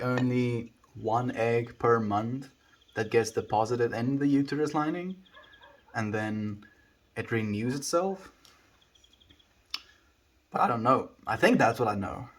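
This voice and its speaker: A young man from South Africa with a South African accent, chatting casually on a live stream as he answers viewer comments in a rambling, relaxed way. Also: medium pitch. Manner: laid-back, rambling, frequent likes and restarts.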